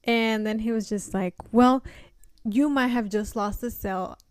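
A young woman co-hosting a podcast, telling a story with lively acted quotes and a few Spanish words mixed in. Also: fairly high pitch, measured pace, clean tone, no echo, clean studio sound. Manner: animated storytelling, acts out quotes, code-switches into Spanish. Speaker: podcast co-host. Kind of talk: casual chat.

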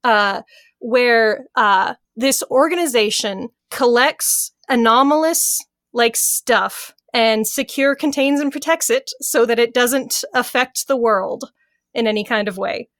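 A giggly woman with a fairly high voice explains things eagerly on a casual podcast. Her voice is close and dry, with no room sound. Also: slow pace, fairly bright tone, no echo. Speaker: podcast co-host. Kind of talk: casual chat.

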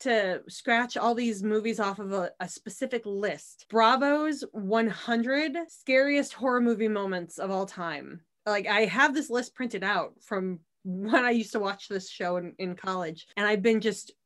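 A woman's voice: mid-range voice, measured pace, few pauses, fairly bright tone. A woman in her thirties co-hosting a casual podcast, chatty and rambling with frequent restarts. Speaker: podcast co-host.

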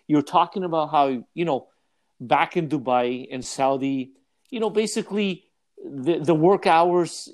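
A man in casual podcast chat, joking and animated, often laughing. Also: fairly high pitch, a little slow. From North America.

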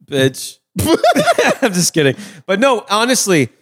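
A man's voice: high-pitched, huge pitch swings, slow pace, fairly bright tone. A young man co-hosting a podcast, teasing his friend in casual chat and laughing often. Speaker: podcast co-host.

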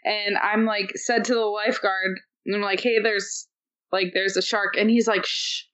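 A young woman hosting an interview, asking questions in a relaxed, friendly way. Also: medium pitch, normal speed. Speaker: interviewer, host. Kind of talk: casual interview chat. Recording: dull lo-fi sound.

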